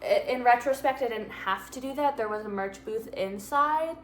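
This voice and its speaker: A young woman tells a storytime vlog into her phone, her voice sitting a little high. She talks in a chatty, exasperated way and hurries through her phrases. She speaks first while walking outside at night, then from home. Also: normal speed, a little hiss or hum. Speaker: vlogger.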